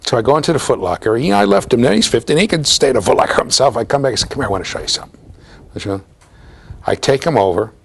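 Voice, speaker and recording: Lively husky American lecturer. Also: male voice, medium pitch, fast talker. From United States. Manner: anecdotal, with asides to students. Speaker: university lecturer. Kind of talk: storytelling classroom lecture.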